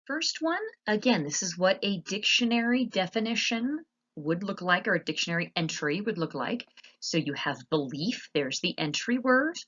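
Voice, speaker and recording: A woman teacher narrating a slide lesson, explaining patiently and spelling words out slowly. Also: medium pitch, sing-song, a bit bright, muffled recording.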